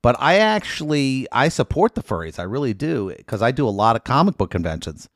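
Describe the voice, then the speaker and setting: Animated man telling funny stories. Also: medium pitch, fairly quick, no room sound, studio quality. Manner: animated, acts out quotes in loud voices. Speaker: lawyer and guest. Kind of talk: casual storytelling chat.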